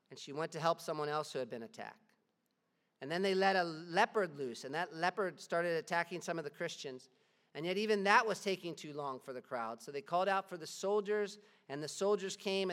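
Male preacher, earnest storyteller with casual phrasing, slightly high voice. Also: lively intonation, fairly quick, fairly bright tone, big-room sound. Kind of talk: sermon.

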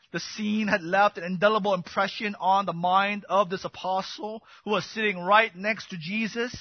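A man preaching an expository sermon as pastor, swinging from loud emphatic bursts to quiet intimate asides. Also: high voice, no echo, dull audio.

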